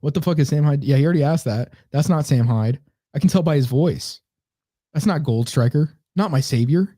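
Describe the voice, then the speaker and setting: A man's voice: a little high, a little fast, warm tone, dry recording, clean studio sound. A man co-hosting a casual comedy podcast, rambling and sarcastic as he reads comments aloud. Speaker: podcast co-host.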